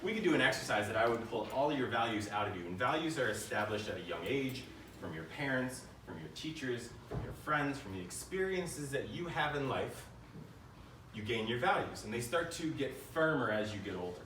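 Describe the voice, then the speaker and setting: A man giving a keynote to a room, talking in an easy conversational way and tossing questions out to the listeners. His voice sits at a middle pitch. The sound is roomy and echoing, with him a little off the mic. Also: big pitch swings, brisk, a bit bright, far from the mic, slight background noise. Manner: conversational, asks the audience questions. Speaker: keynote speaker. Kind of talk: live keynote talk.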